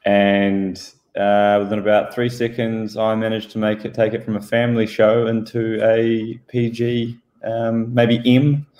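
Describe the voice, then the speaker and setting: A man's voice: fairly low pitch, completely flat delivery, unhurried, few pauses, a little mellow. A man co-hosting a podcast, speaking hesitantly with lots of ums. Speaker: podcast co-host. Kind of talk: casual banter. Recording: echoey room.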